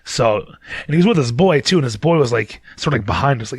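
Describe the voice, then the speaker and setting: A man's voice: medium pitch, animated, quick pace, husky, no room sound. A man from Detroit, a podcast host who tells a story in a casual, rambling, profane way. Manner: profane, rambling, laid-back.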